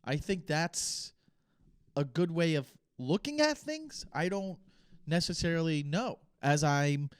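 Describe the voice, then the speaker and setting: A man's voice: on the high side, lively intonation, clean tone, no room sound, studio quality. Rambling man podcasting solo. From United States. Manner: rambling, thinks aloud with pauses and restarts. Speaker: podcast host. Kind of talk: casual solo podcast talk.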